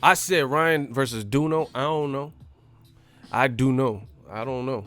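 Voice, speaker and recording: A man talking casually on a live stream, full of slang and cursing. His voice sits in a middle pitch, and his delivery is loose and chatty. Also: unhurried, a bit bright. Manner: loose, slangy, profane, laughing storyteller. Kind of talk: casual boxing talk.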